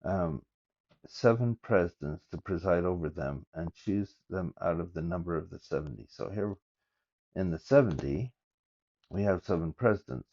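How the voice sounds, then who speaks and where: An older man reading scripture aloud and musing over it in a halting, thinking-aloud way, recorded on his phone. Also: sits low, animated, darkish tone, dull audio. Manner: reads verses aloud with halting, thinking-aloud asides. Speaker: scripture study vlogger. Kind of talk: casual scripture study talk.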